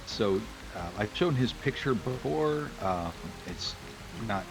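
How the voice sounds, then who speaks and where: A man narrating as game master, talking hesitantly with many pauses. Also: medium pitch, animated, vocal fry, rough recording. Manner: hesitant, lots of ums. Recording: music behind the voice.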